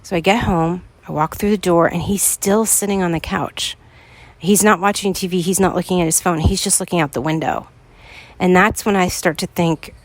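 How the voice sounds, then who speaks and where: A woman's voice: on the low side, fairly even intonation, normal speed, dry recording. A woman podcast host telling a personal story to her listeners, earnest and pleading as she recalls her own words.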